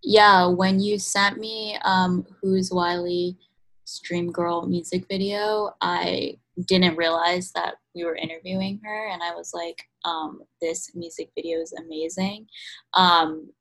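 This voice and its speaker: A woman's voice: lowish voice, fairly even intonation, takes it slowly, a bit bright, rough recording. Chatty young woman podcast co-host. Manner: chatty, lots of ums and likes. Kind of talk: casual chat.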